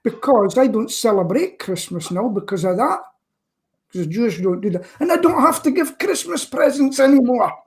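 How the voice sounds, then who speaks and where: Woman, from England, husky, higher pitch, chatty storyteller. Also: expressive, normal speed, darkish tone. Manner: storytelling, chatty, laughs at own anecdotes. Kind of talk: casual group chat on a video call.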